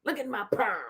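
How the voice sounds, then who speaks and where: A woman with a fairly high, slightly breathy voice hosts a casual livestream like a talk show, reading the chat out loud. She's animated, laughs often, and talks back to the comments.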